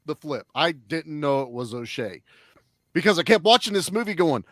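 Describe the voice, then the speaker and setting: A man in casual chat, reviewing a film with blunt, profane and animated talk. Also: on the high side, moderate pace, no echo, clean studio sound.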